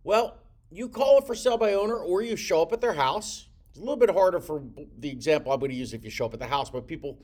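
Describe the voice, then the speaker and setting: A man's voice: medium pitch, darkish tone. A middle-aged man teaching real estate sales, who acts out phone calls in different voices.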